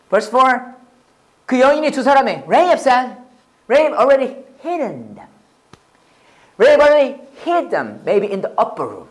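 A pastor with a Korean accent preaching a sermon, animated and often checking with the audience. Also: male voice, very high voice, fast, pauses often. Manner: animated, repeats and restarts, asks the audience "right?".

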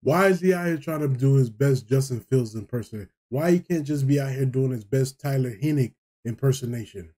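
A man's voice: medium pitch, brisk, hardly any pauses, dark tone, breathy edge. Profane, heated young male streamer. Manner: heated, profane trash talk and disbelieving exclamations. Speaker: streamer reacting to game highlights. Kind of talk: casual reaction commentary.

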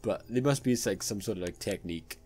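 A man's voice: lowish voice, fairly quick, a little mellow, faint music behind. A young man giving let's play commentary on a horror game, nervous and jumpy, pleading aloud with the game's characters. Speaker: gaming YouTuber.

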